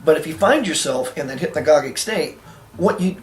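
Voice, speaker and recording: Relaxed man telling a spiritual story. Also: a little high, brisk. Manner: relaxed, anecdotal, with fillers and restarts; acts out quoted voices in his story. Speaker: spiritual teacher. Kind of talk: casual storytelling talk to camera.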